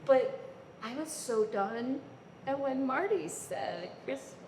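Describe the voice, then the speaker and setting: A woman's voice: high-pitched, slow, a little hiss or hum. A middle-aged woman telling stories as an interview guest on stage, acting out the voices of people she quotes. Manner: animated, acts out quoted voices. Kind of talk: storytelling in a live onstage conversation. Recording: echoey hall with long reverb.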